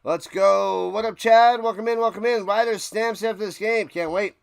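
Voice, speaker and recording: A man hosting a casual livestream watch party, doing play-by-play commentary in a chatty, jokey way with bursts of excitement on big plays. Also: high voice, moderate pace, creaky, smooth, no room sound.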